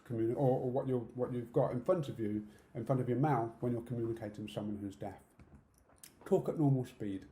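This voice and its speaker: A man's voice: medium pitch, dark tone. A middle-aged man from the UK with a British accent, giving an online conference talk in a direct, practical way, often checking in with "okay?". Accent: British English. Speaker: conference speaker. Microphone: video call setup. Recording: roomy echo.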